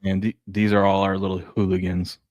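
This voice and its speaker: Low-voiced guy co-hosting a sports show, chill storyteller, dry close sound. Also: little pitch movement, fairly quick, a little mellow, no room sound, dull audio. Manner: laid-back storyteller, laughs a lot. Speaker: co-host. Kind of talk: casual sports show chat.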